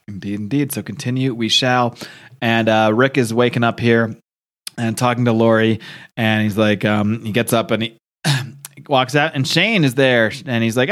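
A man's voice: medium pitch, steady tone, normal speed, a bit bright. A man hosting a podcast, recapping a comic in a rambling, joking, casual way. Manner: rambling, laughing, swears casually. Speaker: podcast host.

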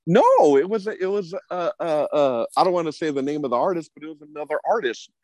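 A man's voice: fairly high pitch, very animated, fast talker, a little mellow, no room sound. Profane, laughing man telling stories. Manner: profane, laughing, rambling anecdotes. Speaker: podcast host. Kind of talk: casual storytelling chat.

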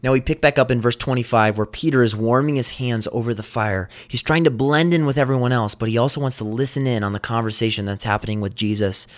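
A man's voice: mid-range voice, fast, few pauses. Earnest male preacher, vivid storyteller. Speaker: pastor. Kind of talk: sermon.

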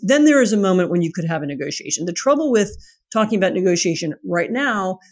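A woman guest answering interview questions in a measured, thoughtful way, with many 'you know' fillers. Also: medium pitch, animated, darkish tone. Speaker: guest, writer.

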